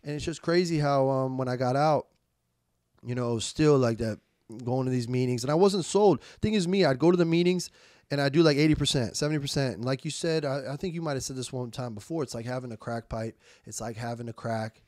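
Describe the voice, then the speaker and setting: A man's voice: mid-range voice, a little fast, darkish tone, dry recording, studio quality. A young adult man telling his recovery story as a podcast guest, emphatic and slangy, repeating words and quoting himself. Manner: swearing street slang. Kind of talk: candid recovery story in conversation.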